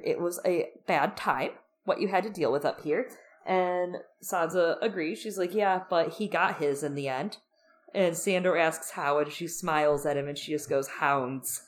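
Young female podcast co-host, slightly low voice, animated and gushing, acts out quotes. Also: normal speed, slight background noise. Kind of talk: casual chat recapping a TV episode.

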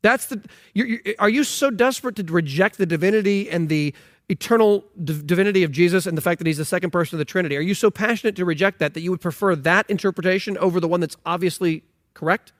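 Male pastor, high voice, emphatic incredulous sermon delivery, dry close sound. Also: fast, no room sound. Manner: emphatic, incredulous, with many restarts. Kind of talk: sermon on scripture.

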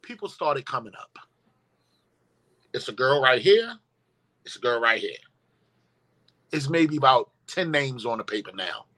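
A man's voice: mid-range voice, sing-song, a little slow, pauses often, sharp tone. A man telling an emphatic, profane story as a guest in a casual interview.

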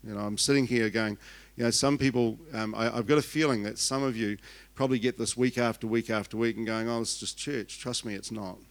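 Chatty older Kiwi pastor, joking. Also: male voice, on the low side, steady tone, fairly quick. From New Zealand. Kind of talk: sermon.

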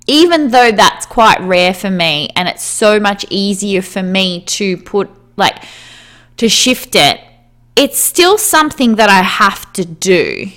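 A woman's voice: medium pitch, big pitch swings, slow, a bit bright. Chatty woman, candid monologue. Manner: candid, chatty, lots of "like", laughs often, swears casually. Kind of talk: casual personal monologue.

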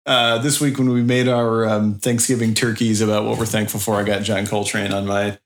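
A man's voice: lowish voice, little pitch movement, moderate pace. A man on a podcast telling a rambling, self-deprecating anecdote in a casual chat. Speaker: podcast co-host. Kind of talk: casual storytelling.

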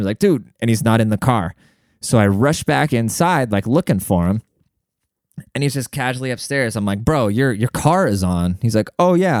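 A young man telling a long story to his viewers in a casual, profane, animated way, talking to them like a buddy. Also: on the low side, clear, resonant tone, no room sound, clean studio sound. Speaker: vlogger.

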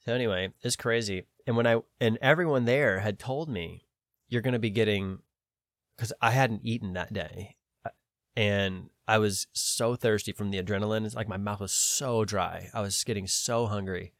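A man's voice: lowish voice, normal speed, no echo, studio quality. A man on a podcast telling a long story in a casual way, quoting other people in his own voice and swearing now and then. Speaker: podcast host.

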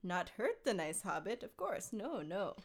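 Woman doing a scheming creature, hissing, half-whispered, slow, swooping pitch. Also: sing-song. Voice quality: hissing, wheedling, partly whispered. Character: wretched creature muttering to itself. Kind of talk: reading aloud with a theatrical voice.

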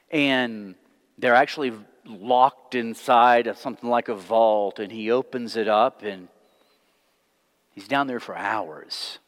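A man leading a church class in a middle-pitched voice, talking conversationally and circling back through rhetorical questions. His words ring out with a long reverb, as in a church hall. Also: a bit bright. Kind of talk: sermon-style teaching with a joke.

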